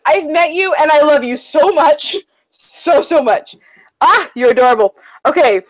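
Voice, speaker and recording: A woman co-hosting a casual chat show, excitable and rambling, gushing like a fangirl. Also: high-pitched, measured pace, rough recording. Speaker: podcast co-host.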